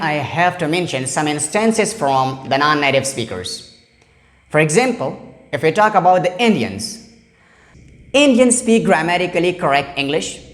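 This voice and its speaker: A woman teacher giving a lecture on English usage, speaking in a measured, emphatic way and repeating her key points. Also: lowish voice, big-room sound. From Pakistan. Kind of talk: lecture to camera.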